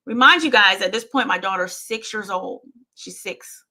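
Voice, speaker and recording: A woman's voice: medium pitch, moderate pace, sharp tone. A woman hosting her own show, telling a painful personal story with intensity, often repeating herself and speaking straight to her listeners. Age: adult parent.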